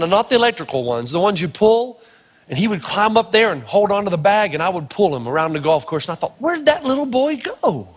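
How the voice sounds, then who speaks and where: A middle-aged man preaching a sermon, telling stories in short, punchy phrases with dramatic pauses. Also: sits high. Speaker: pastor. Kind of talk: sermon with storytelling. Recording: long hall reverb.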